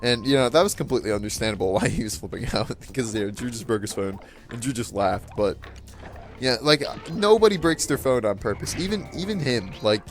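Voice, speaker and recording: A man's voice: medium pitch, lively intonation, a little fast, faint music behind. Chatty teenage guy telling a story. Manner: chatty, laughs often, acts out quotes. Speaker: gaming channel host. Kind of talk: casual storytelling over gameplay.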